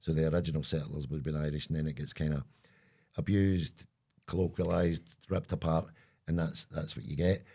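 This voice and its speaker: A man's voice: very deep voice, little pitch movement, a little fast, mellow, husky. A Scottish man co-hosting a podcast, chatting in a joking, rambling way. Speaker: podcast co-host. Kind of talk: casual chat.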